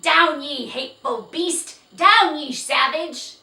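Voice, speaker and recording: A woman voicing an angry, gruff old man who shouts and snarls threats at a horse and children. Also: medium pitch, big pitch swings, a little slow, exaggerated voice. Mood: raging. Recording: roomy, distant, faint hiss.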